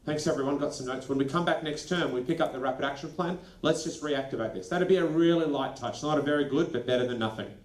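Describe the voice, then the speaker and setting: A man presenting a lively workshop to school leaders, animated and acting out quick snippets of dialogue. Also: on the high side. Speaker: education consultant presenting a workshop. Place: training venue. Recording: echoey room.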